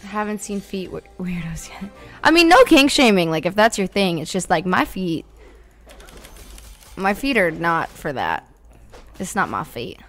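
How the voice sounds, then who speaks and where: Bright-voiced woman chatting on stream. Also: fairly low pitch, big pitch swings, measured pace, long pauses, faint music behind. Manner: chatty, banters with chat, blunt, swears. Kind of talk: casual live-stream chat while gaming.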